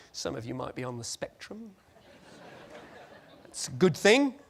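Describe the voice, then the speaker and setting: A man giving a lively, joking conference presentation and acting out little scenes. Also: mid-range voice, slow, vocal fry, background noise. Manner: animated, jokey, acts out scenes. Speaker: conference speaker.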